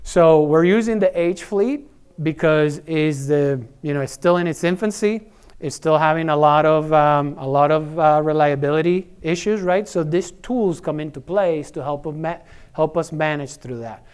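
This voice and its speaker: His voice runs on the high side, a little mellow and smooth, at a moderate pace. The middle-aged energy services executive talks through his conference presentation casually, with plenty of fillers, repetitions and tag questions.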